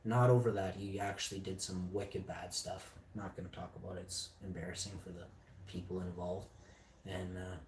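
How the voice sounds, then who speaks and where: A man's voice: deep voice, level tone, normal speed, darkish tone, a little hiss or hum. A man telling a personal story in a blunt, heavily profane casual monologue. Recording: echoey room, distant mic.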